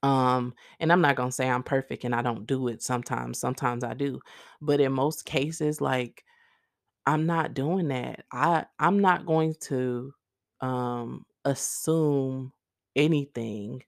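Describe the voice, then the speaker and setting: Woman rambling on her podcast, low gravelly voice, dry close sound. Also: fairly even intonation, takes it slowly, no echo. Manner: earnest, rambling, heavy on "like" and "literally"; speaks directly to listeners. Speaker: podcast host. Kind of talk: casual faith-based monologue.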